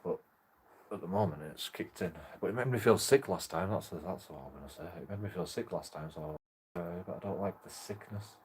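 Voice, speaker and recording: A man's voice: deep voice, lively intonation, a little fast, a little mellow, breathy edge. A young man rambling casually to his camera, laughing through his words. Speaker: auditor vlogger.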